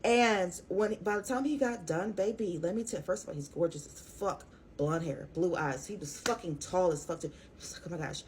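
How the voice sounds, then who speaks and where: Woman, young adult, lowish voice, casual storytelling, profane, animated, faint background noise. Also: moderate pace, hardly any pauses. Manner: profane, animated, talks straight to her audience. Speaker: tarot reader.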